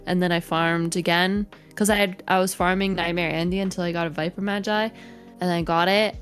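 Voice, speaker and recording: A woman's voice: lowish voice, fairly even intonation, fairly quick, soft background music. A woman guest, a streamer and content creator, chatting casually in an interview, bubbly and giggly with lots of "like" fillers.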